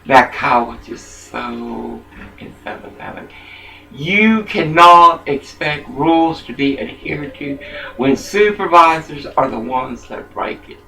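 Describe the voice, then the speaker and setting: Older man, gravelly, sharp-toned, rambling monologue, mutters then bursts out. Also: mid-range voice, expressive, takes it slowly, slight background noise, low-quality recording. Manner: rambling, jumps between thoughts, loudness swings from mutter to outburst.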